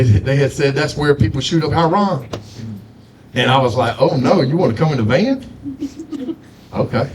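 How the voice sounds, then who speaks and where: A man's voice: mid-range voice, darkish tone, a little hiss or hum. A man doing a stand-up comedy set, telling loose stories with frequent asides to the crowd. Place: comedy showcase stage.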